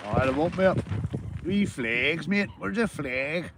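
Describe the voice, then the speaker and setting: A man's voice: a little high, lively intonation, slow pace, noisy background. A Northern Irish man chatting casually to livestream viewers while fishing, easygoing and full of banter, swearing freely and calling everyone mate. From Northern Ireland. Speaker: livestreaming angler.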